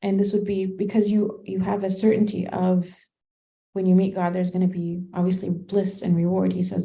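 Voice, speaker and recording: A woman's voice: medium pitch, flat delivery, normal speed, vocal fry, warm tone, low-quality recording. A woman teaching a Qur'an study class, explaining commentary in a conversational way and thinking aloud with fillers and restarts. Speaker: religious teacher.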